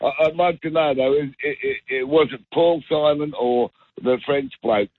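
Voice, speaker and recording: An Australian man rings a radio show and speaks in a subdued, halting way, stumbling over repeated words. His voice has a slight husk, and the call comes through with muffled broadcast sound. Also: a little high, husky, no echo. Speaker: caller. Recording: dull radio phone-in audio.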